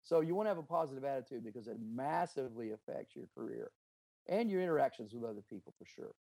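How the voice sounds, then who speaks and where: In an interview, a middle-aged business owner relates stories about leadership in a medium-pitched, gravelly voice with a dark tone. The recording is dry, and he comes across as earnest and emphatic, using anecdotes full of quoted dialogue.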